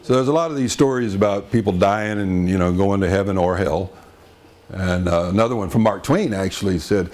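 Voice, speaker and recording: Man, storyteller, live audience, chatty asides, fairly low voice. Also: a little fast, darkish tone. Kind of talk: live folk-tale storytelling.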